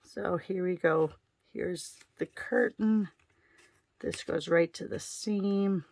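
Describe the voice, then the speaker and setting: A woman's voice: lowish voice, slow pace, darkish tone. A woman giving a casual card-making tutorial, chatting her way through each step as she works.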